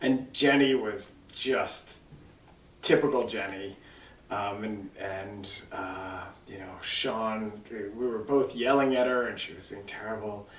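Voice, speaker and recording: A middle-aged man telling family stories to his mother in a relaxed, wry way. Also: lowish voice, slow pace, a little hiss or hum. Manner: relaxed, wry storyteller who trails off and laughs. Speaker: son interviewing his mother. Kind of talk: casual family storytelling. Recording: roomy sound from far off the mic.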